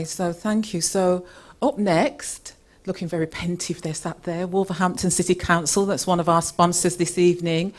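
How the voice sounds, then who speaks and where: A woman hosting a conference, introducing speakers in a chatty way and laughing at her own slip-ups. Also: mid-range voice. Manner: chatty, flustered, laughs at herself. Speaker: event host. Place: conference room.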